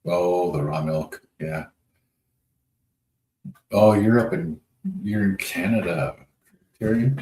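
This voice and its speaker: Low voiced guy rambling on a livestream, laid back folksy talk, echoey room. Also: takes it slowly, long pauses, darkish tone. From North Dakota. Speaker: livestream host. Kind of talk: casual livestream chat reading comments. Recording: echoey room with faint noise.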